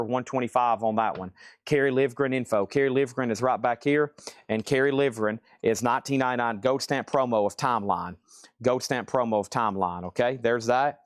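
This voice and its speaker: A man's voice: mid-range voice, smooth, dry recording, studio quality. Chatty man running a live record auction. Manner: quick, chatty listing of titles and prices.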